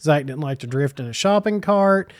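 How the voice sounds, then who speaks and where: A man's voice: a little high, lively intonation, moderate pace, no room sound, studio quality. A middle-aged man, co-hosting a podcast in casual chat and telling teasing stories. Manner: joking, teasing storyteller. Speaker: podcast co-host. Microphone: podcast microphone.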